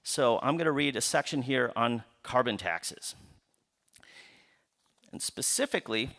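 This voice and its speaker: Animated midwestern man giving a lecture. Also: medium pitch, measured pace. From Upper Midwest United States. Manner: animated, poses rhetorical questions and answers them; draws the audience in with playful asides. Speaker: author giving a book talk. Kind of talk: public lecture to a live audience.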